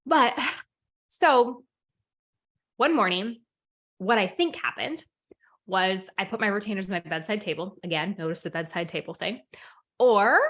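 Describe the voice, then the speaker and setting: A woman coach casually telling a personal story to camera in an animated, excitable way, full of "like", sometimes dropping to a whisper. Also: fairly low pitch. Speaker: manifestation and meditation coach.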